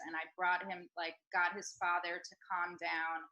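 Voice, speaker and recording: Bright-voiced woman hosting a talk. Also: fairly low pitch, flat delivery, a little slow, few pauses, rough recording. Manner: hesitant, many ums and restarts. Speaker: host of a group discussion. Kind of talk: casual storytelling. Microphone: video call.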